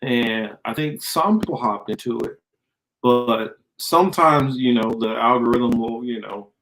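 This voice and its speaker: A man's voice: medium pitch, a little slow, fairly bright tone, a little hiss or hum. A man co-hosting a political podcast, talking in a loose, rambling way and reading viewer comments aloud. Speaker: co-host. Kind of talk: casual political podcast chat.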